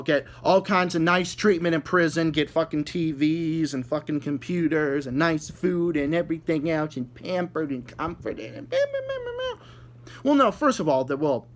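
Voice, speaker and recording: A man ranting angrily at his viewers, swearing nonstop, repeating and stumbling over words, with a mocking, sarcastic edge. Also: fairly high pitch. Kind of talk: angry profane rant.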